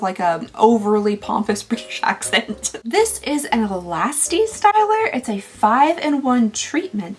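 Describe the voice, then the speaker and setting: A woman's voice: a little high, breathy edge. A young woman vlogging casually, chatty and thinking aloud with frequent giggles as she unboxes beauty products.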